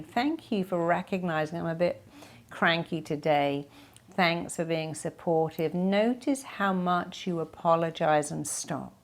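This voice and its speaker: A woman's voice: fairly low pitch, darkish tone. Woman therapist giving direct advice. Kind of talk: advice talk answering a viewer question.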